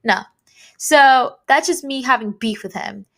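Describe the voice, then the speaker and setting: A woman's voice: sits high, measured pace, a bit bright. A woman hosting a podcast, telling a personal story in a heated, blunt way, swearing freely and retelling dialogue back and forth. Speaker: podcast host.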